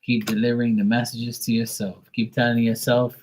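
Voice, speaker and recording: A man hosting a casual live tarot reading, affectionate and encouraging, reading card messages slowly into a phone. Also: medium pitch, level tone, a little mellow. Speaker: live tarot card reader, stream host.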